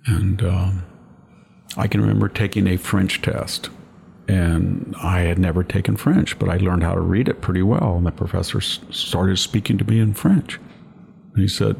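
An older man with a very low, heavily gravelly voice hosts a commentary chat. He lectures emphatically and drifts into long personal anecdotes. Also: normal speed, a little mellow, slight background noise. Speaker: podcast host.

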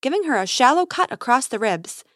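A woman with a fairly high voice reads a children's space adventure aloud. Her delivery is lively and expressive. The sound is dry and close to the mic. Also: brisk, dry recording. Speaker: storyteller. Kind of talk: narrating a children's adventure story.

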